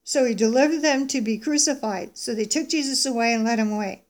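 A woman reading a Bible passage aloud and adding her own commentary. She slows down and stresses the quoted lines, and corrects herself in her asides. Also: a little high. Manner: slow, emphatic reading of quoted speech; pauses to self-correct in asides. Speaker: Bible teacher.

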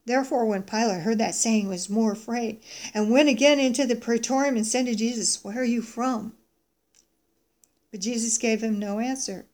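A woman's voice: fairly high pitch, a little mellow. Woman reading scripture with emphasis. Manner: slow, emphatic reading of quoted speech; pauses to self-correct in asides. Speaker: Bible teacher.

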